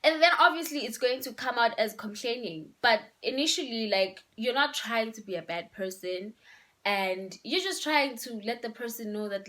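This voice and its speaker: A woman's voice: a little high, expressive, moderate pace, sharp tone. A young woman, giving relationship advice in a casual, emphatic vlog and slipping in local words. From Eswatini. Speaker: vlogger.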